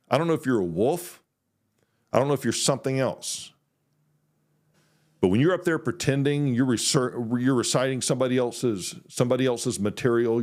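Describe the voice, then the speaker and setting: Blunt, animated man ranting on a podcast. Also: medium pitch. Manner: blunt, animated, mimics others' voices. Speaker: podcast host, former pastor. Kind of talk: opinionated solo podcast talk.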